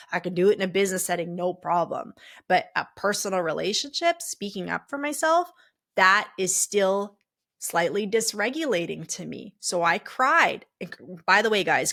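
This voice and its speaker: A woman's voice: mid-range voice, fairly bright tone. A woman podcast host and coach telling a personal story in a candid, chatty way, full of fillers and restarts.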